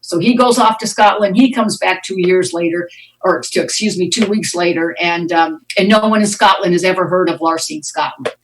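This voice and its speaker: At an Al-Anon meeting, a middle-aged American woman tells her recovery story in a low voice at a moderate pace, with slight background noise. Her style is frank and wry, with a storyteller's timing and acted-out quotes. The audio, from an online conference, uses a distant mic.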